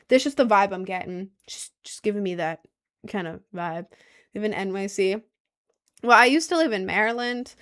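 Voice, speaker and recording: A woman's voice: mid-range voice, fairly bright tone. A young woman hosting a casual livestream, answering her chat in a rambling, giggly way and often repeating herself. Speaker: livestream host reading chat.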